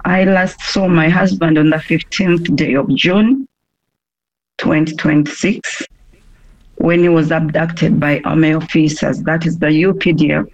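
Hoarse woman on a phone line. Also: low-pitched, steady tone, a little mellow. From Uganda. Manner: halting, many pauses and restarts. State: hoarse with a cough. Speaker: interviewee. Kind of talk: phone interview.

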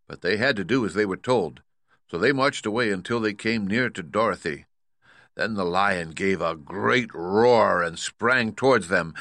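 A male narrator reads a storybook in a measured, even way. His voice is bright and forceful, a little low, with a dry close-mic sound. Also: no echo. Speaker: audiobook narrator. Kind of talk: scripted narration.

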